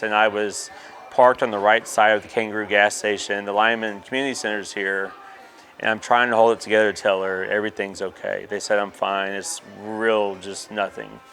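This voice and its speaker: A man's voice: lowish voice, sharp tone. A man, candidly telling a personal story in an interview, with many fillers. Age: 30s.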